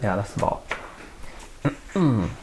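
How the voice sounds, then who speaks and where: A man reading a storybook aloud to a small child, patient and gentle, answering the child's interruptions. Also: fairly low pitch, very animated, slow, poor audio.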